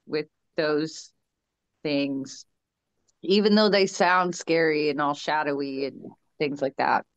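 A woman chatting on a panel in an unhurried, agreeable way over a video call. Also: low voice, no room sound, highs cut off. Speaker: panel guest. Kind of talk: casual panel chat.

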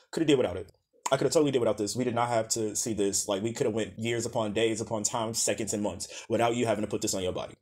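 A man giving comedic fashion roast commentary as host, with sassy, profane, blunt put-downs, swinging between loud jabs and quiet dismissive mutters. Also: a little high.

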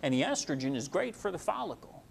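A young man, a medical student, giving a casual explanatory lecture full of homely analogies and frequent pauses with "uh". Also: fairly high pitch, sing-song, creaky, slight background noise.

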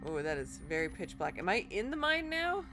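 A young woman casually commenting on a horror game, muttering to herself and breaking into loud panicked outbursts. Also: medium pitch, sing-song, a little fast. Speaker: let's play host. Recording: noisy game audio behind the voice.

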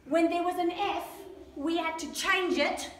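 A high-pitched woman teacher coaxes her class through a spelling rule, asking question after question and spelling out letters. She is heard from a camera across an echoey classroom, with faint background noise. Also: fairly even intonation, a little slow, fairly bright tone. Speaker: primary school teacher. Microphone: camera at a distance. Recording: echoey room, far from mic, faint noise.

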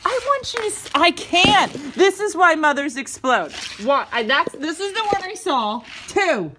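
In a casual comic rant filmed in her bedroom, a middle-aged vlog host gasps and exclaims in exasperation. She has a very high voice with big pitch swings and a measured pace, set against a noisy background.

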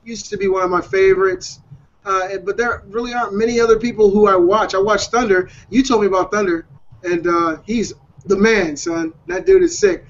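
High-voiced enthusiastic man chatting. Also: fairly even intonation, fairly quick. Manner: enthusiastic, restarts often. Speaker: podcast host. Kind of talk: casual group chat. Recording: dull lo-fi audio.

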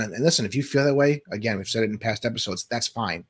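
A man's voice: fairly low pitch, fast, few pauses, husky. A man hosting an interview show, friendly and supportive, affirming his guest as he talks. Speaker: podcast host. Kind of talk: casual interview chat.

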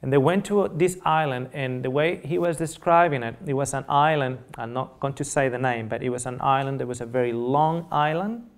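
A man's voice: medium pitch, fairly quick, hardly any pauses. Earnest middle-aged male lecturer, Spanish native. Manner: earnest storytelling, repeats phrases, checks in with the audience. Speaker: nutrition lecturer. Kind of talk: public lecture.

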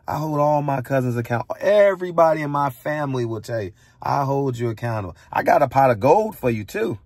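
A blunt middle-aged man from the United States preaches in a heated monologue, hammering his points with rhetorical questions. His voice sits at an ordinary pitch and is recorded dry and close, with no room echo. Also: expressive, a little fast, hardly any pauses, a little mellow. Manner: blunt, preachy, repeats for emphasis. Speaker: barbershop commentator.

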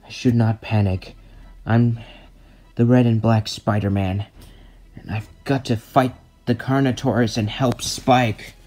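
Casting: man as a determined young spider-hero boy, slow, even, everyday voice, plush toy show. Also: medium pitch, faint music behind, pitched below the performer's own voice, lightly acted. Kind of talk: plush toy play-acting.

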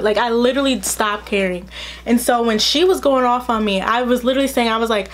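Young woman vlogger, slightly high voice, chatty storytime, acts out quotes. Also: brisk, a bit bright. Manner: chatty, fills speech with "like". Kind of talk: casual storytime.

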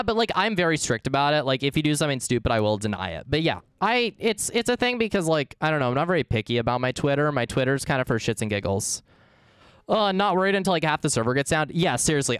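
A man's voice: mid-range voice, clean tone, dry recording, clean studio sound. A man live-streaming a game, chatting casually and goofily with his viewers as he plays. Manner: goofy, rambling, talks to chat.

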